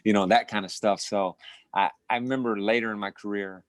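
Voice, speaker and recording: A man's voice: lowish voice, a little fast, no room sound. A middle-aged man, a former boxing champion, telling stories from his career in a casual interview, full of restarts and short laughs. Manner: animated storyteller with many restarts and repeated words.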